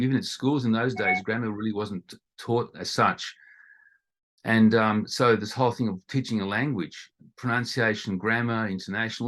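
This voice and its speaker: A man's voice: mid-range voice, fairly bright tone. A middle-aged Australian man, a guest in an interview, talking in a rambling way with many restarts. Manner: rambling, with frequent restarts and fillers. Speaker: guest, ESL teacher. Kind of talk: conversational interview.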